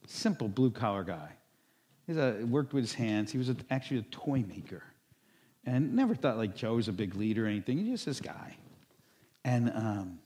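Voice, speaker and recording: A man's voice: mid-range voice, a little mellow. A male pastor preaching a sermon in a conversational storytelling way, with asides to the congregation and acted-out quotes.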